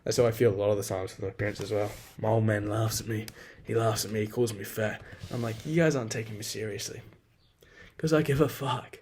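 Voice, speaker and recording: A man's voice: fairly low pitch, steady tone, fast, few pauses, darkish tone, slight background noise. A young man talking through a rambling, frank personal monologue, swearing freely and poking fun at himself. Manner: rambling, swears a lot, frank and self-deprecating.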